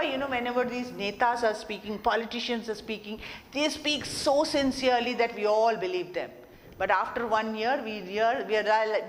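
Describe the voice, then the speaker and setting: A woman giving a classroom lecture on communication, explaining and repeating her points and asking rhetorical questions. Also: mid-range voice. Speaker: college lecturer. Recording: long reverb, faint background noise.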